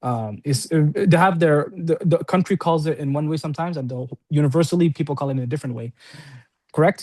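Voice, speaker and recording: A man teaching an Arabic lesson to a class, explaining quickly and often checking in with "right?". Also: on the high side, darkish tone. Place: classroom with students on-site and online.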